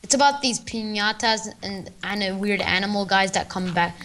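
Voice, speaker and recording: A woman's voice: mid-range voice, moderate pace, fairly bright tone, a little hiss or hum. A woman chatting casually while playing a game with friends, bubbly and given to squeals and chants. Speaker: gamer. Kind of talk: casual gaming chat.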